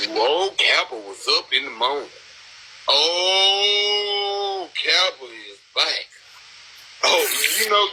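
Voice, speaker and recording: A man's voice: mid-range voice, pushed and bright, slight background noise, poor audio. A man hosting a live stream panel, talking in a blunt, rambling, profane casual chat.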